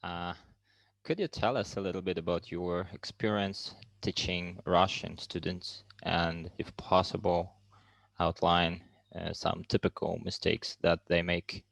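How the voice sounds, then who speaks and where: A man's voice: low voice, flat delivery, a little slow, creaky, fairly bright tone, dry recording, rough recording. A man politely asking a hesitant question from the audience over a video call.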